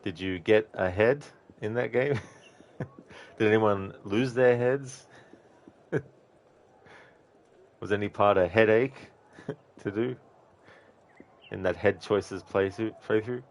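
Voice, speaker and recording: Slow, relaxed male game streamer. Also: lowish voice, highs cut off. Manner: relaxed, jokey, chuckling at his own puns. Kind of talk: casual chat while reading viewer messages.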